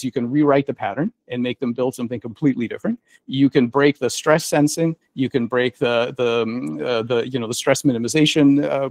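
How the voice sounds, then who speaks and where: A man speaking on a conference panel about his research, talking in a halting way with many restarts and repeated words. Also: mid-range voice, darkish tone, dry recording. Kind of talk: panel discussion.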